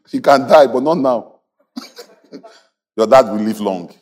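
A man preaching a sermon as a pastor, animated, laughing often and calling on the congregation to repeat after him. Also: mid-range voice, very slow, pauses often. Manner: animated preaching with call-and-response and frequent laughter.

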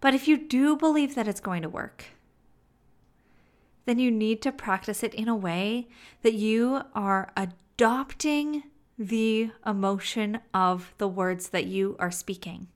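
A woman teaching self-help in a slow, deliberate way, with playful asides. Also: on the high side. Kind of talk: motivational teaching monologue.

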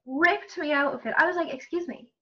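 Bright-voiced Irish woman, muffled mic. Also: sits high, fairly quick. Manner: laughing, rambling, full of fillers. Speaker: podcast guest. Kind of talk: casual chat.

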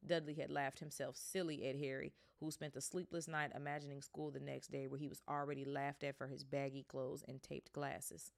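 A woman's voice: extremely low pitch, level tone, moderate pace, creaky, hardly any pauses. A woman hosting a podcast, reading a book aloud casually and breaking off to chat about it. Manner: chatty, breaks off to react. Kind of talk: casual read-aloud with asides.

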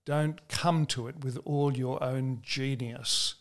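An earnest man from Australia tells stories and makes his points at a measured pace. He leans on his key words and slows down to stress them. His voice sits at an ordinary middle pitch. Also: steady tone, vocal fry. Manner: measured, earnest storytelling with slow emphatic stresses. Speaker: preacher. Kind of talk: interview answers.

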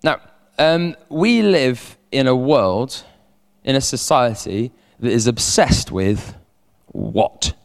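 A man preaching a sermon as a pastor, animated, repeating words and calling on the congregation to respond. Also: medium pitch, takes it slowly. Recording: long hall reverb.

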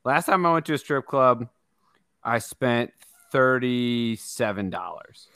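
A man's voice: mid-range voice, expressive, slow, a bit bright, clean tone, dry recording. A man in casual chat who tells a short, dry, self-deprecating story.

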